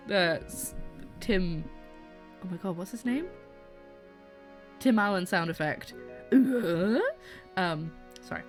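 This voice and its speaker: A woman's voice: fairly low pitch, slow, pauses often, soft background music. A young woman streamer giving casual, chatty commentary while playing a game, often giggling and cutting herself off mid-sentence. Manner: chatty, giggly, self-interrupting.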